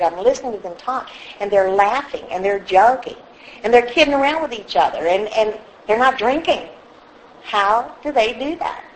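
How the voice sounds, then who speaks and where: A woman's voice: fairly low pitch, a little hiss or hum, rough recording. A woman telling her own story of getting sober to a group, candid and self-mocking, acting out the people she quotes. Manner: candid, laughs at herself, acts out quoted voices. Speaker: speaker sharing recovery story at a meeting. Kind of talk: personal story told to a group.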